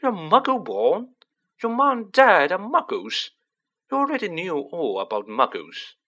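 A man voicing an excitable, chatty teenage boy wizard who talks in animated, joking bursts. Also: high-pitched, unhurried, voice pushed up, full character voice. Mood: exasperated.

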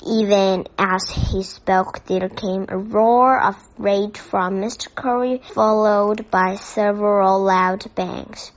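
A woman reading a children's novel aloud as a bedtime story, in gentle, steady narration. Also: medium pitch, slow pace, few pauses. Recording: dull lo-fi recording.

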